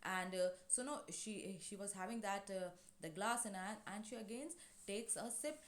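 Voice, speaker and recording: A woman teacher explains a play to her class slowly, restating things with many fillers. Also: mid-range voice, echoey room. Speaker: English teacher.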